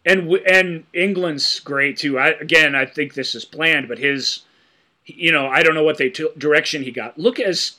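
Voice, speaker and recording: A man's voice: a little high, moderate pace. A man co-hosting a podcast about a TV miniseries, chatting casually and acting out lines from scenes. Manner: animated, acts out quotes from scenes. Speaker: podcast co-host. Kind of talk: casual chat.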